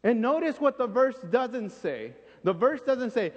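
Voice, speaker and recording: A man's voice: extremely high pitch, sing-song, measured pace, hardly any pauses. A man preaching a sermon in an earnest, pleading way, often repeating himself for emphasis. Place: church sanctuary. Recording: dull recording in a reverberant church.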